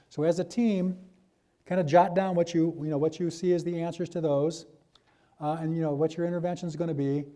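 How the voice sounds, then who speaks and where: A man's voice: fairly high pitch, dark tone. A man presenting a workshop, giving loose, chatty instructions to a room with many restarts.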